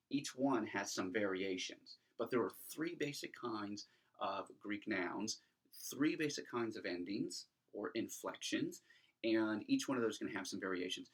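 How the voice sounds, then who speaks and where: Middle-aged guy teaching greek grammar, kinda husky, lowish voice, lots of ums and restarts. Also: a bit bright. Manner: chatty, restarts sentences often, many ums. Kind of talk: informal classroom lecture.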